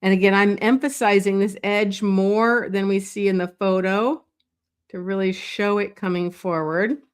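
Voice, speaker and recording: A woman's voice: medium pitch, steady tone, measured pace, smooth. A woman teaching a drawing lesson, thinking aloud with fillers as she works. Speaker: art teacher. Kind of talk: drawing tutorial.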